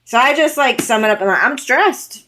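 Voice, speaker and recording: A woman's voice: fairly high pitch, lively intonation, fast, noisy background. A woman co-hosting a podcast in casual chat, talking in a loose, filler-heavy way and laughing often. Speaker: podcast co-host.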